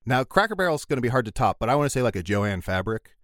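Animated male podcast co-host. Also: medium pitch, fast, no room sound, studio quality. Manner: animated, reads emails aloud with jokey asides. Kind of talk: casual chat, reading listener emails.

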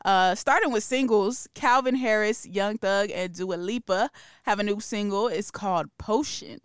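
A woman's voice: medium pitch, smooth, no echo, studio quality. A woman co-hosting a hip-hop news podcast, chatting casually with a laid-back manner and easy laughs. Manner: laid-back, laughs easily, drawn-out fillers. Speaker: podcast co-host.

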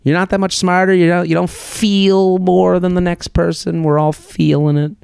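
Man in his thirties, solo podcast host, gravelly, dry close sound, chatty and rambling. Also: high-pitched, level tone, moderate pace, few pauses, darkish tone, dry recording. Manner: chatty, rambling, self-deprecating.

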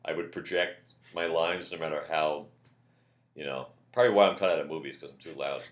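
Deep-voiced older man telling stories. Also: fairly quick, roomy sound, muffled recording. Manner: animated storyteller, shouts quoted lines. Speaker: comedian guest. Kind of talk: casual anecdote telling.

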